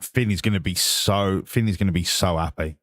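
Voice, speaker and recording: A man's voice: low-pitched, moderate pace, fairly bright tone, dry recording, clean studio sound. Sweary English man chatting to his stream. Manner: swearing, banter with chat. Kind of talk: casual live-stream chat.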